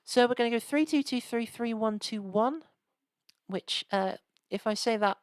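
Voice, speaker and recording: A woman's voice: a little high, moderate pace, clean tone, dry recording. A woman chatting casually and rambling while she live-streams old games. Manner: rambling, chatty, lots of restarts and asides.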